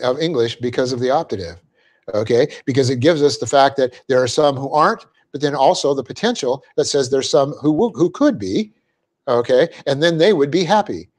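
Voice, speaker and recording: A man's voice: medium pitch, lively intonation, a little mellow. A middle-aged man giving a classroom lecture on Greek grammar as a Bible teacher, explaining patiently, often checking in with his class and laughing at his own slips. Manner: light-hearted, quick to laugh at himself. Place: church classroom.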